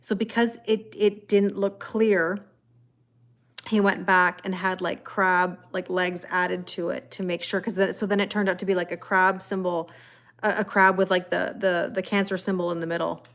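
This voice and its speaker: A tarot reader on a live stream chats loosely with viewers and reads their comments, laughing often. Her voice is lowish and a bit bright, with a level tone and normal speed.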